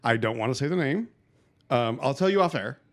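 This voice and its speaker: A man's voice: medium pitch, lively intonation, a little fast. A man co-hosting a podcast in casual chat, eager to jump in with his own story. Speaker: podcast co-host.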